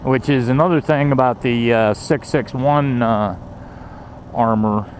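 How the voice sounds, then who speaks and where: A man's voice: medium pitch, a little slow, slight background noise. A man casually reviewing his riding gear, rambling with lots of fillers and restarts and some swearing.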